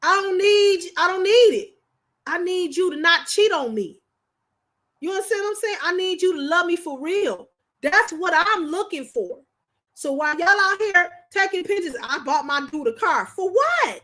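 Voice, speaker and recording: A woman's voice: very high voice, animated, moderate pace, a bit bright. A woman hosting a livestream, talking casually and emphatically, often repeating herself for effect. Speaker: livestream host.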